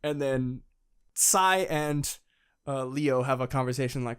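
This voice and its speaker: An excitable man chatting on a podcast, swearing freely and jumping into quick impressions of characters. His voice sits at an ordinary middle pitch. He talks in a loose, rambling way, full of fillers. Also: smooth. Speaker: podcast co-host. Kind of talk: casual chat.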